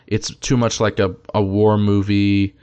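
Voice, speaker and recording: Low-voiced man giving emphatic opinions. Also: completely flat delivery, a little slow, darkish tone, smooth. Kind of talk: casual podcast discussion.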